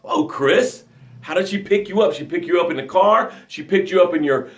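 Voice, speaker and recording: Emphatic motivational coach, echoey room. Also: male voice, sits high, moderate pace. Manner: energetic, emphatic, reads viewer comments aloud. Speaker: motivational coach hosting a live broadcast. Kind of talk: live motivational talk.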